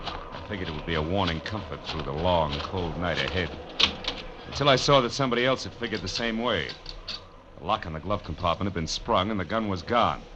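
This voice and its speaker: A man's voice: deep voice, very noisy. A man playing a hard-boiled, wry private eye in a vintage radio drama, narrating and talking in a dry, wisecracking way. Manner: dry, wisecracking, soothing to others. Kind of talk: 1940s radio drama acting with first-person narration. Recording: lo-fi vintage radio broadcast with music.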